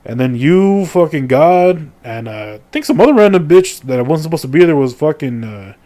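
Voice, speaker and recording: Middle-aged guy, slightly high voice, profane rambling game recap, crude humor. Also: lively intonation, moderate pace, warm tone. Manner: rambling, profane, crude jokes, lots of fillers. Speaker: gaming video creator. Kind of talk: casual comedic game story recap.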